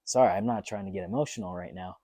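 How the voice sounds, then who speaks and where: A man's voice: low voice, fast talker, mellow, dry recording, studio quality. A young man talking earnestly in a personal fitness vlog, motivational and full of ums. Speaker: fitness vlogger.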